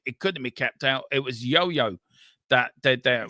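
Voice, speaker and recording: A man hosting a football watchalong, calling the play live with excitable banter. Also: mid-range voice, measured pace, dry recording, studio quality. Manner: excitable, running commentary with banter. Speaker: watchalong host.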